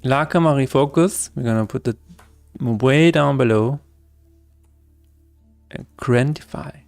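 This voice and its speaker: A man chats casually while he works, often breaking into laughter. His voice is smooth and clear, at a middle pitch for a man. Faint music plays behind him. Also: a little slow, darkish tone. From Austria. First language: German. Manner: chatty, laughs often, reads chat aloud. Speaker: game developer streamer. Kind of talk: casual livestream chat.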